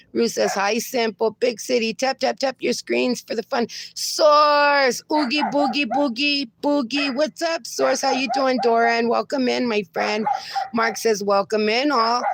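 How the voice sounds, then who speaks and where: A woman hosting a casual livestream from home, reading out viewer comments and greeting each person warmly with pet names like darling. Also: on the high side, vocal fry, noisy background. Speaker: livestream host. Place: home with dogs.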